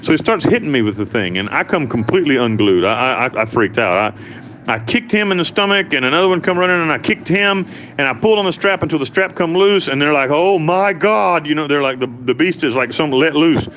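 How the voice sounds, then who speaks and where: A man's voice: a little high, animated, fairly quick, a bit bright, slight background noise. Blunt, profane American man telling his story. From United States. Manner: blunt and profane, rambling with restarts. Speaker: interview guest. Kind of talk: candid storytelling.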